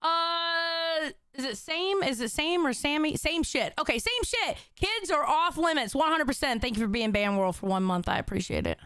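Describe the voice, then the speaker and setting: A woman hosts a livestream, swearing freely and reading out chat messages. Her voice sits very high and bright, with lively swings in pitch. The mic is close and dry. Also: normal speed, hardly any pauses, no room sound. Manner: loud, profane, reads out chat messages. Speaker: livestream host.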